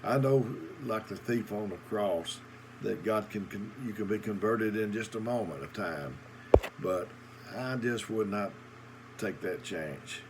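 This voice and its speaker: A middle-aged man preaching in a recorded sermon video, telling folksy stories with halting pauses and repeated words. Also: lowish voice, background noise.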